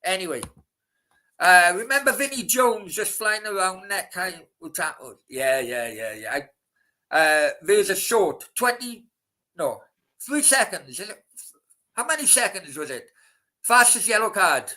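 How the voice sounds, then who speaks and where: A man's voice: high-pitched, big pitch swings, a little slow, bright, forceful tone. A man hosting a casual live stream, rambling, swearing freely and talking straight to his chat. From Wales.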